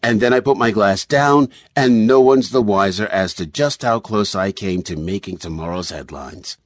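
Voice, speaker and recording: A man as a calm, explaining brain surgeon. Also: lowish voice, no echo, studio quality, close to an everyday voice. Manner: measured, explanatory. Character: calm, confident male brain surgeon and author.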